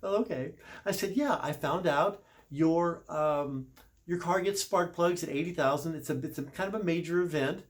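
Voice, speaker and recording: Middle-aged man, casual storyteller, slightly high voice, chatty with self-corrections. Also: normal speed. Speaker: service manager.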